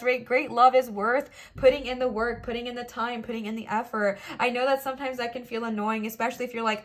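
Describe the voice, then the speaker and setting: A woman's voice: on the high side, fairly even intonation, quick pace, hardly any pauses. Playful chatty woman reading tarot. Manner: chatty, playful, reassuring, acts out little quoted voices. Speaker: tarot reader. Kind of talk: pick-a-card tarot reading.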